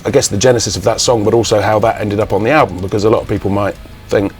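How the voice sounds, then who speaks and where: A man's voice: on the low side, fairly even intonation, racing. A man interviewing a musician, hesitant, with many fillers and frequent laughs. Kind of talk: interview questions. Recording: faint music underneath.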